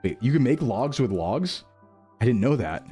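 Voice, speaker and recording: Joking young man with lively pitch. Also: moderate pace, breathy edge, soft background music. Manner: rambling, jokey, self-mocking. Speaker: streamer. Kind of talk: casual gameplay commentary.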